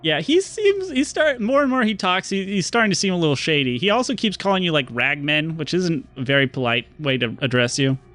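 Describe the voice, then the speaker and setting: A man's voice: a little high, lively intonation, fairly quick, hardly any pauses, a bit bright, soft background music. Man narrating as game master. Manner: descriptive, hesitant asides.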